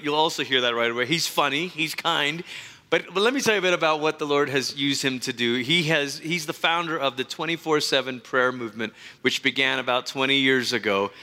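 A man with a bright, forward voice gives a church introduction, earnest and full of praise with stops and restarts. His voice rings out through a long hall reverb. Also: fairly high pitch. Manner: warm enthusiastic praise, frequent fillers and restarts. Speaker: pastor introducing a guest. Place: church service.

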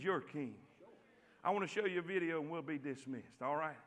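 A male preacher delivering a church sermon, repeating phrases and calling for responses until he is shouting. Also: fairly high pitch, brisk, a faint crowd. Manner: repetitive, call-and-response preaching that builds to shouts.

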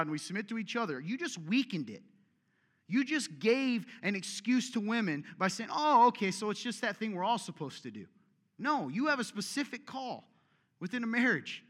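A man preaches in a lively, conversational way, pressing his points and then dropping to a near-hush. His voice sits a little high for a man. The sound carries the long reverb of a large hall. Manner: emphatic, conversational preaching with swings in loudness. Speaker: pastor. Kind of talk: sermon.

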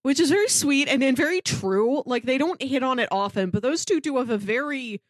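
Talking fairly quickly in a recording without echo, this podcast co-host keeps the conversation loose and lively. Frequent laughter and big pitch swings mark her casual discussion.

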